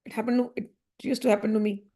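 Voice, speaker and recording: A woman giving a spiritual discourse, earnest and gently reassuring, repeating her points. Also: a little high, flat delivery, fast talker. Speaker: spiritual teacher.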